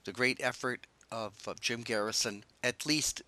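A man hosting a podcast interview, speaking in a measured, reflective way with many fillers. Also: mid-range voice, fairly even intonation, sharp tone. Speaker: podcast host. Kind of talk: casual interview talk.

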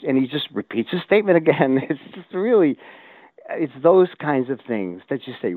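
An older man speaks as a call-in interview guest, wandering through his points and often restarting. He gets lively when he quotes others. His voice comes over a thin, tinny line that sounds completely dry. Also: fairly high pitch, moderate pace, no echo. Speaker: guest researcher. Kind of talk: casual interview talk.

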